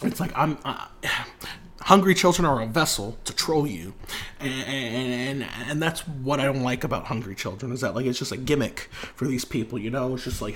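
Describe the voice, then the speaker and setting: A man co-hosting a comedy podcast, talking casually and profanely and often slipping into quick character voices. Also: medium pitch, fairly bright tone. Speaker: podcast co-host.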